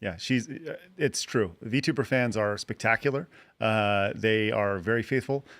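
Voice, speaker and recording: A man guesting on a talk show, speaking in a laid-back way with plenty of fillers. His voice is low-pitched and gravelly, recorded dry and close. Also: measured pace, a bit bright, dry recording. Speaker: guest podcast host. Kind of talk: casual panel talk.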